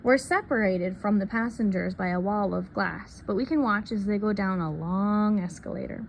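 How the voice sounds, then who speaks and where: A woman reads a picture book aloud, soft and unhurried, at a middling pitch. A faint hiss of ambience sits under her voice. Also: gravelly. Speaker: reader.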